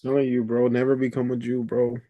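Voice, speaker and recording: A man's voice: medium pitch, completely flat delivery, fairly quick, muffled recording. A man with a mid-range voice talks on a video call with his coach. He is from the Dominican Republic and tells stories loosely, breaking into laughter and peppering his talk with "bro" and swearing. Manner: chatty storyteller, laughs often, swears, says "bro" a lot. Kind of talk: casual chat on a coaching call.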